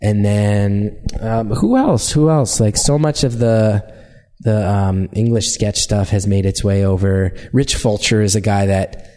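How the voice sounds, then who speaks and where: American male comic, warm low-key tone, lively self-deprecating anecdotes. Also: a little slow. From United States. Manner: animated self-deprecating storytelling. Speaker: comedian guest. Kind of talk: casual interview chat.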